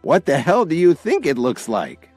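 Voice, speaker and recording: A man voicing an enraged middle-aged father who shouts and accuses. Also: a little high, sing-song, a little slow, dry recording, faint music behind, voice pushed up, exaggerated voice. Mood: furious.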